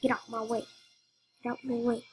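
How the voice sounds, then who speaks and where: A woman giving casual gameplay commentary as a channel host, excitable and repeating the same phrases over and over. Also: fairly high pitch, a little fast, low-quality recording. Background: game music.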